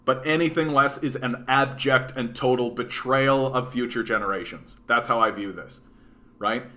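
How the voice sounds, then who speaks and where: A man hosts a political livestream and answers his chat. He talks bluntly and swears freely, padding his points with "like" and "right?". His voice is bright and forceful, pitched in a middle range. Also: normal speed. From Canada. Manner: blunt, profane ranting full of "like" and "right?".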